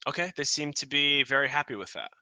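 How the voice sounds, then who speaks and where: A man running a tabletop game as game master, relaxed and rambling, with frequent fillers. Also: mid-range voice, fast talker, low-quality recording.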